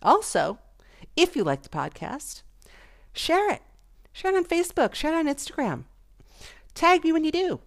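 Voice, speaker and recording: A woman's voice: high voice, normal speed, long pauses. A middle-aged woman hosting her own podcast, talking casually and chattily with frequent laughs. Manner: chatty, gossipy, laughs often, animated. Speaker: podcast host. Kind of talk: casual solo podcast monologue.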